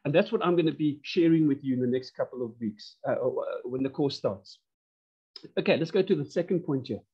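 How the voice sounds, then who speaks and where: A man teaching an online course from home, talking in an animated, emphatic way and often repeating himself. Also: mid-range voice, brisk, husky, muffled recording. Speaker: course instructor. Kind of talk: online lecture. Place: home lounge.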